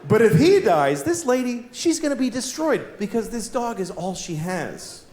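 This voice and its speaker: A middle-aged man doing a stand-up routine, telling stories in an animated, exasperated way with plenty of cursing. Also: extremely high pitch, normal speed, roomy sound, a little hiss or hum. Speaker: stand-up comedian.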